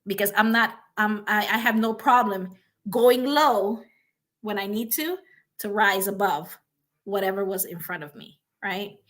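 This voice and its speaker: A woman's voice: medium pitch, measured pace, fairly bright tone. A woman hosting a motivational talk, emphatic and repetitive, often checking in with "right?". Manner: emphatic, repeats points with frequent "right?". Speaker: host.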